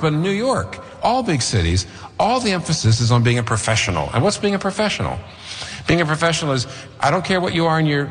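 Emphatic preacher in a reverberant hall. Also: male voice, medium pitch, fairly bright tone. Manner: emphatic, rhetorical, repeats phrases for effect. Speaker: pastor. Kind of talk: sermon.

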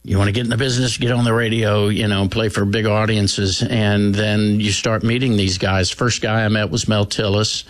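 A man, a singer appearing as a guest, chatting in an interview with dry, self-mocking humor and many halting restarts. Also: on the low side, little pitch movement. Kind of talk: casual interview chat.

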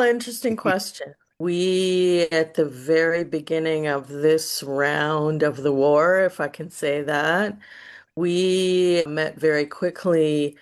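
A woman museum director answering interview questions in a measured, explanatory way, with some fillers. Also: sits low.

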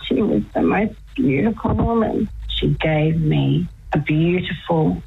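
An older woman telling her story as a radio guest, animated and laughing often. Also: fairly low pitch, measured pace, gravelly, few pauses, slightly rough, narrow, tinny audio. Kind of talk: casual phone-in chat.

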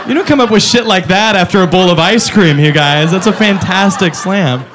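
A man doing a stand-up comedy routine on a club stage, animated and slipping into silly voices. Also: high-pitched, normal speed. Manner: animated, jumps into silly voices for his bits. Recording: noisy live club recording with crowd.

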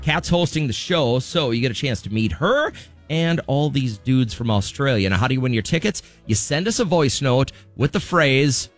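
A man hosting a radio show, chatting and reading contest promos in a quick, upbeat way. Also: medium pitch, expressive, faint music behind. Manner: quick, promo-style delivery. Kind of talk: upbeat morning radio banter.

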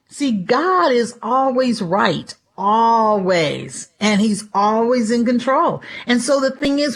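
Chatty woman preaching with a higher voice. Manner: chatty, acts out quoted voices. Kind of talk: conversational devotional sermon.

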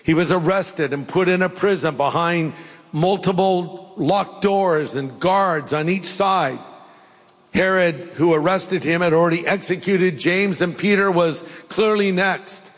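An older man preaching a sermon, telling folksy stories with jokes and pauses. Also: high voice. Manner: folksy, jokey storytelling with pauses. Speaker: pastor. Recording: long hall reverb.

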